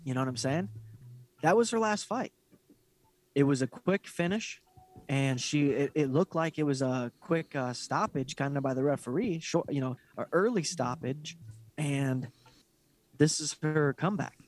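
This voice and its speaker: A man's voice: fairly high pitch, moderate pace. A man with a slightly raised voice chats about fights on a casual podcast. He talks hesitantly, restarting and searching for his words. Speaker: podcast co-host. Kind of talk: casual fight-talk chat.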